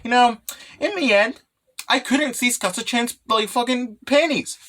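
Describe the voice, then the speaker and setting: Brief: awkward smart young husband, voiced by a man, muses aloud, bright voice. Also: very high-pitched, a little slow, voice pushed up, full character voice. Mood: musing. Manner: musing to himself, crude.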